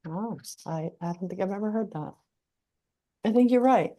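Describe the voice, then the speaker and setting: A woman hosting a relaxed conversation, speaking with eager agreement and building on her guest's points. Her voice sits at an average pitch. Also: moderate pace. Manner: enthusiastic, chatty, affirming. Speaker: podcast host. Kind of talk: casual interview chat.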